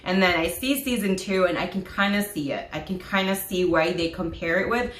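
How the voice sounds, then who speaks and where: A woman vlogger talks in a casual, gushing way, full of fillers and little laughs. Her voice sits a bit low for a woman. The room around her has a noticeable echo. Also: a little fast, fairly bright tone, a little hiss or hum. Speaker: vlogger reviewing a TV series. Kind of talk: casual chat. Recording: echoey room.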